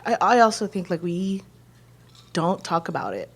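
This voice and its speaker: Low-voiced woman holding back tears. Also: sing-song, moderate pace, breathy edge. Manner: rambling, emotional, many fillers. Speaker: podcast co-host. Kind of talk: casual heartfelt conversation.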